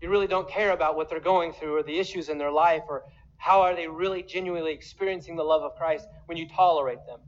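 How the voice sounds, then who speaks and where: A man with a high voice delivers an earnest, emotional sermon as the pastor, slipping into the voices of the people he quotes. The recording is dull and lo-fi. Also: steady tone, fast talker.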